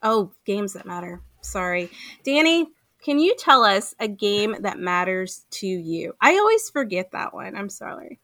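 A woman co-hosting a gaming podcast in casual chat, talking fast with many fillers and frequent laughs. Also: mid-range voice, sing-song, fairly bright tone, no room sound, clean studio sound. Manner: chatty, fillers of "like", laughs often. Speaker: podcast co-host.

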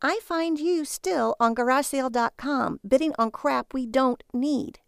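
A woman voicing an exasperated, sharp-tongued wife who scolds with sarcasm. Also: high voice, a little slow, creaky, clear, resonant tone, no echo, clean studio sound, pitched above the performer's own voice. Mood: scolding.

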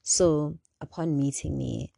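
A young South African woman hosting her own show, talking in an animated, indignant monologue. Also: low-pitched, slow pace, creaky, breathy edge, no room sound. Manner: animated and indignant, mixing English with local words. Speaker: podcast host. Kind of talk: casual monologue.

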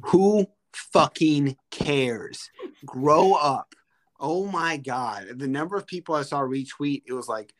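A man's voice: on the high side, slow. Profane, heated man ranting casually. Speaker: podcast co-host. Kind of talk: casual sports podcast rant.

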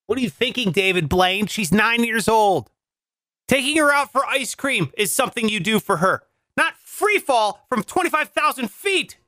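A man putting on the voice of a self-absorbed stuntman father, shouting melodramatically in a high mock whine. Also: big pitch swings, moderate pace, no room sound, full character voice. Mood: scolding.

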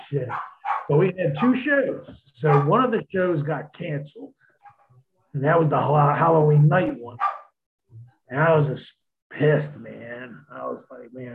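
A man's voice: medium pitch, vocal fry. A man telling stories in a casual chat, laid-back and profane, laughing often. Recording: tinny phone-like sound.

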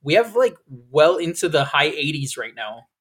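A man co-hosting a casual podcast, talking fast, swearing and laughing often. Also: a little high, sing-song, fairly bright tone. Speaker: podcast co-host.

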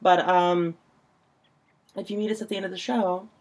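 Laid-back, teasing female co-host with a slightly husky voice. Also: lowish voice, steady tone, normal speed, a little mellow. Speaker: podcast co-host. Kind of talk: casual chat.

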